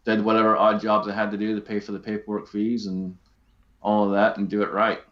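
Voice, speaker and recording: A podcast guest in his thirties, born in Scotland, who now talks with a Southern Georgia accent. He speaks in a laid-back, matter-of-fact way with a lowish voice. The audio sounds dull and lo-fi. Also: monotone, a little fast. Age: 30s. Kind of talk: casual interview.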